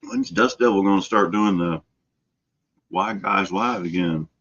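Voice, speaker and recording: A man's voice: deep voice, a little slow, noisy background. A middle-aged man hosting a casual live stream, easygoing, answering viewers' messages by name. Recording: dull lo-fi stream audio.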